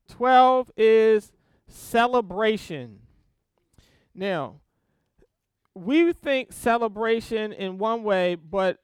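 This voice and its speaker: A man's voice: high voice, smooth, no room sound, clean studio sound. A man teaching an informal sermon on spiritual disciplines, talking conversationally and often checking in with his listeners. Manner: conversational, checks in with frequent "okay?" and "right?".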